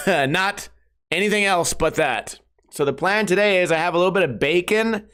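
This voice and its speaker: A man in his thirties hosting a casual solo podcast, rambling and joking with lots of swearing and quick impressions of friends. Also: sits high, fairly bright tone, smooth. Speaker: podcast host.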